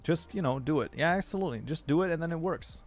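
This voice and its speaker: A man's voice: a little high, fast, faint music behind. Chatty male streamer rambling to chat. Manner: rambling, chatty, thinks aloud with fillers and restarts. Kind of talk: casual livestream chat while modding a game.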